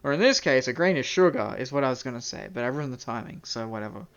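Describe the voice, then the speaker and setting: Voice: mid-range voice, lively intonation, fast, dull audio. A young-adult game streamer from Canada, chatting casually, rambling, self-mocking and swearing freely. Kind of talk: casual live-stream chat.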